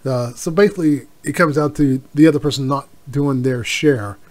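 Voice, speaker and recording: Middle-aged male podcast host, a bit higher-pitched, loose rambling delivery. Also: normal speed, darkish tone. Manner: rambling, with many fillers and asides. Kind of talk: casual solo podcast monologue.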